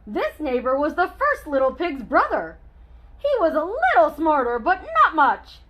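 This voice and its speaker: A woman's voice: high-pitched, wildly swooping pitch, normal speed, highs cut off, noisy background. A woman reading a children's book aloud as a chatty, wry male wolf telling his side of the story.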